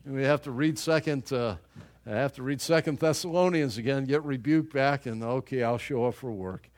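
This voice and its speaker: A man's voice: medium pitch, moderate pace, darkish tone. A middle-aged man preaching a sermon as pastor, folksy and joking with the congregation by name.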